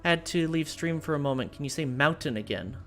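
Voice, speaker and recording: Her voice is deep, expressive and brisk as this American woman plays a strategy game on stream and casually chats with viewers. She rambles, using plenty of fillers and restarting sentences, while music plays faintly behind her.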